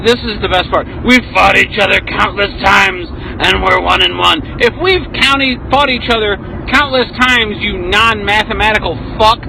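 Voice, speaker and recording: A man's voice: sits high, noisy background. A man cutting a crude, rambling, mocking wrestling promo full of profane trash-talk, recorded while driving. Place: inside a moving car.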